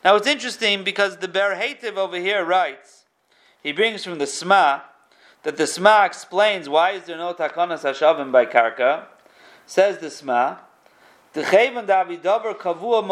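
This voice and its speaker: High, bright-voiced man teaching Talmud. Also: moderate pace. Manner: reads Hebrew text then explains in casual English. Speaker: Torah teacher. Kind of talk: Talmud lesson, reading and translating.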